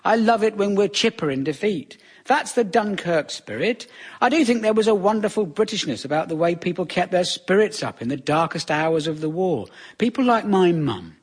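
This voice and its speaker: A man's voice: high-pitched, expressive, normal speed, husky. A wry British man doing a sardonic stand-up comedy monologue in a conversational manner. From Britain.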